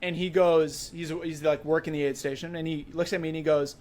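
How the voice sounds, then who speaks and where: This podcast guest is a twentysomething man from Wisconsin whose voice runs a little high and a little fast. His storytelling is animated and relaxed, full of "like" and "you know."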